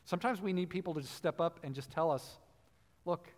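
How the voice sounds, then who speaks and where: A man with a fairly high voice delivers a teaching sermon in a church hall. He explains scripture and slows right down to stress the phrases that matter. His voice trails off into a long hall reverb. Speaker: preacher.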